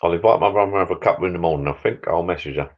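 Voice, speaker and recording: Man, middle-aged, very low voice, rambling jokey live-stream host, dull lo-fi sound. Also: racing, darkish tone. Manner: rambling, jokey, repeats words. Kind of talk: casual live stream chat. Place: backyard garden bar shed.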